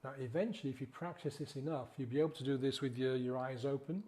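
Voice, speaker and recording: A man guiding a slow, gentle breathing exercise as a sobriety coach, counting the breaths in a soothing way. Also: mid-range voice, steady tone.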